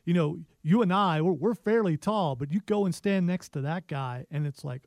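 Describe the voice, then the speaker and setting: A man co-hosting a casual podcast chat, telling stories in a relaxed, enthusiastic way. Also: fairly high pitch, moderate pace, no echo.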